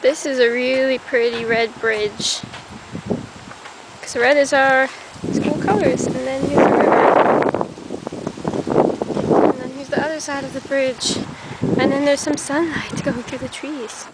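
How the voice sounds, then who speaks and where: A woman's voice: sits high, steady tone, measured pace, long pauses. A young woman walking around a college campus outdoors, talking casually to a handheld camera in a chatty, rambling way. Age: young adult. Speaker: college student vlogger. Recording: noisy outdoor camera audio.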